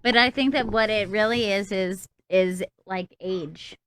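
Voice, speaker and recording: A woman's voice: mid-range voice, unhurried, a bit bright, a little hiss or hum. A woman joining comedy talk show banter in a giggly, chatty way. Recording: crowd chatter behind the voice.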